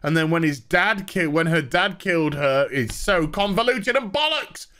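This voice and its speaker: A man's voice: fairly high pitch, expressive, moderate pace, bright, forceful tone. A man voicing a whiny, unhinged villainess in a mocking rant, sounding a bit far from the mic.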